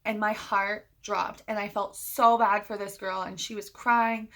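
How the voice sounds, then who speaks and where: A woman's voice: mid-range voice, a little slow. Chatty woman telling a storytime. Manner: animated retelling, quoting others. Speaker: vlogger. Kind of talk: casual storytime vlog.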